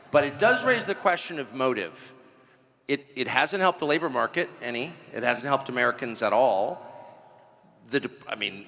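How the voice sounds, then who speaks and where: A man interviewing a guest, asking questions in an animated, incredulous way. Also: mid-range voice, big-room sound. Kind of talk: interview conversation.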